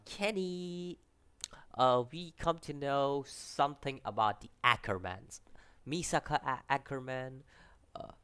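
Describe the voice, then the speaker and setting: A man with a non-native English accent, casually reviewing an anime episode, rambling and animated, stumbling over names and restarting sentences. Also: medium pitch.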